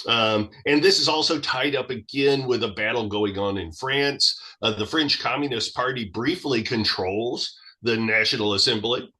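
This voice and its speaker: A man speaking as a guest in an interview, explaining history at length in a lively, expansive way. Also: mid-range voice, moderate pace, hardly any pauses.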